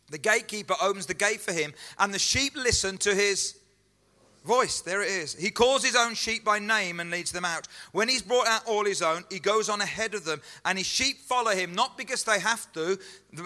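A man delivers an earnest sermon, pressing his point with repeated lines and rhetorical questions. His voice sits high and sounds bright and forceful. It rings with the long echo of a church hall. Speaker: pastor. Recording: echoey hall.

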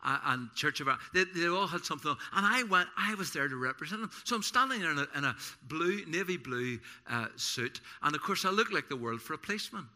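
A man pastor preaching a sermon in a church service, telling personal stories in an animated, self-deprecating way with many restarts. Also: fairly high pitch, quick pace, few pauses.

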